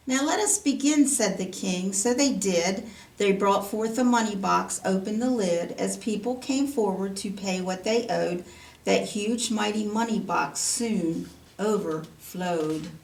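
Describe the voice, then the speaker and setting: A woman teaching Sunday school, reading a rhyming children's story aloud in a sing-song cadence. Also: mid-range voice. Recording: roomy, from a distance.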